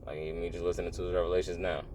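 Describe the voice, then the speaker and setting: A man's voice: deep voice, little pitch movement, very fast, darkish tone, slight background noise. A man giving a casual, earnest spiritual monologue, rambling and repeating phrases, often saying "bro". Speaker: religious vlogger.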